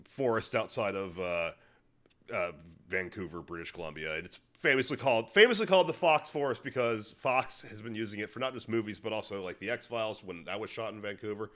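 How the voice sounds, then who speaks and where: A man's voice: fairly low pitch, a little fast, a bit bright. A young man co-hosting a podcast in casual chat, rambling with lots of restarts. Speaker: podcast co-host.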